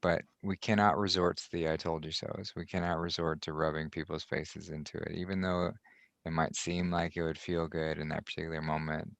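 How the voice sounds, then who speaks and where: Male podcast host, very low gravelly voice, measured and reflective, dry sound. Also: little pitch movement, no room sound. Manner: soft-spoken, halting, many restarts.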